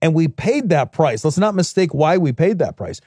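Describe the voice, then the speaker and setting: Podcast guy ranting hard, swears, high-ish voice that swings a lot. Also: animated, normal speed, dark tone, husky, dry recording, studio quality. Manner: impassioned, emphatic ranting with profanity. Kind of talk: casual chat.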